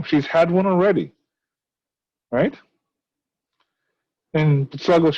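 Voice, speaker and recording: A man's voice: on the high side, takes it slowly, pauses often, highs cut off. A male teacher explaining a play to his class, asking many rhetorical questions. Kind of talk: recorded class lesson on a play.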